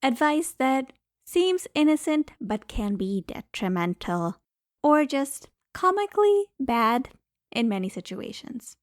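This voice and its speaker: A woman's voice: sits high, big pitch swings, slow, no room sound. Playful young woman, dry close sound. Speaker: podcast co-host, healthcare professional. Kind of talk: casual chat.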